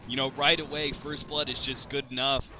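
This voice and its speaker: A man's voice: medium pitch, little pitch movement, moderate pace, background noise. A man commentating a video game match, rambling with lots of fillers and restarts. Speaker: esports commentator.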